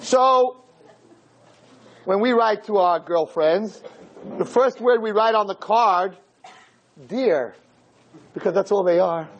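A man, a rabbi, giving an animated, joking talk to teenagers and acting out little scenes as he goes. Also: high-pitched, measured pace, pauses often, highs cut off. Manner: acts out voices of boys and girls, jokey, punchy.

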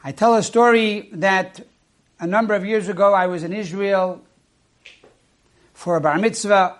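A rabbi delivers a sermon in a measured teaching style, putting rhetorical questions to his listeners. His voice sits high with fairly even intonation.

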